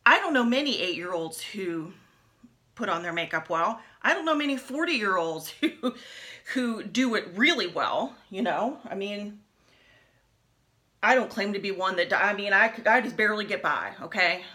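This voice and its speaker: Bright-voiced chatty woman in her forties. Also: medium pitch, animated, moderate pace. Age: 40s. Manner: chatty, rambling, many fillers and restarts. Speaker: beauty vlogger. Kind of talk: casual rambling chat while doing makeup. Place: home, at a lit makeup mirror.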